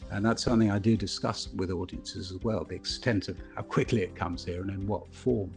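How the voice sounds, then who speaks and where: Man, middle-aged, low voice, anecdotal speaker, faint music behind. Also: a little fast. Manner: thoughtful, anecdotal, animated when telling stories. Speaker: broadcaster and keynote speaker. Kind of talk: reflective speaker Q&A.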